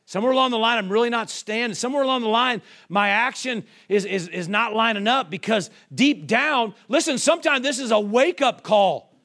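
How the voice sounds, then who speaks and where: With an extremely high pitch and a fairly bright tone, this pastor speaks a little fast and leaves few pauses. His call-and-response sermon is packed with rhetorical questions and appeals for the congregation to answer, and he performs the quoted voices.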